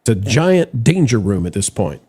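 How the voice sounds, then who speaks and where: A man's voice: on the low side, big pitch swings, normal speed, warm tone, slightly rough. A man hosting a casual livestream, chatting about superhero movies and reading viewer messages aloud. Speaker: podcast host reading super chats.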